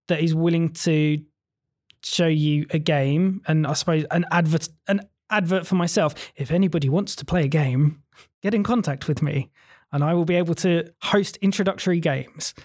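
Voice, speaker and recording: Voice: medium pitch, a little mellow. A teacher chatting casually on a podcast, earnest and rambling, often restarting sentences. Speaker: secondary school teacher.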